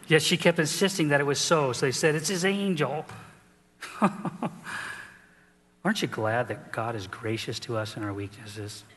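A man's voice: medium pitch, measured pace, pauses often, a bit bright, big-room sound. A middle-aged man preaching a sermon as pastor, telling the story with animation and acting out the people in it.

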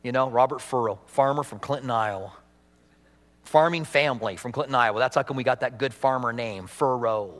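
A man preaching a sermon as pastor, animated with humorous asides, then leading a prayer. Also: medium pitch, fairly quick. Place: church sanctuary. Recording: reverberant church hall.

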